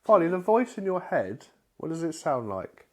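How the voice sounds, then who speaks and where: A man co-hosting a casual chat podcast, talking in a halting way with lots of restarts and swearing. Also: fairly high pitch, big pitch swings, a little mellow. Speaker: podcast co-host.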